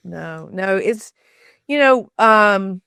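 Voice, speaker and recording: A woman guest on an interview podcast, answering thoughtfully, pausing on many fillers and restarts. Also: mid-range voice, lively intonation, creaky, a bit bright, smooth, no room sound, clean studio sound. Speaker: podcast guest, storytelling author. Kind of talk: conversational interview.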